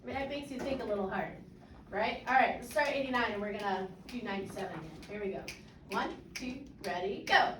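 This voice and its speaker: A woman's voice: mid-range voice, fast talker, distant mic. A woman coaching a student ensemble in a rehearsal room, casual and encouraging, often checking that they understand. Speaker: band clinician. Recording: echoey room, voice from afar.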